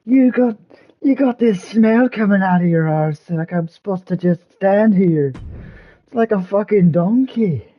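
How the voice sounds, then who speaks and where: A furious Scottish brawler snarls and curses in a high, strained voice, as a man puts him on in a comic impression. The sound is dull and lo-fi, like a cheap home mic. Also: measured pace. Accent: put-on Scottish. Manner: exaggerated, profane ranting. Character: furious Scottish wrestler man, fed up and cursing.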